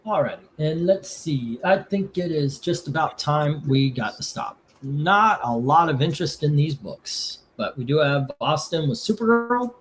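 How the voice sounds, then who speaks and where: A man hosts a live comic book auction, talking in a casual, excitable way as he pitches deals. His voice sits a little high. He moves quickly from chatter to bargains. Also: a little hiss or hum. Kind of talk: casual live-stream selling chat.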